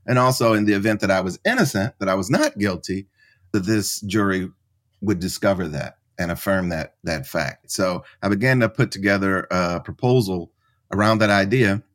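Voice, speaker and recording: A middle-aged man, a writer and professor, answering as a podcast guest in an animated storytelling way. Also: low voice, normal speed. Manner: animated storyteller, acts out quoted voices.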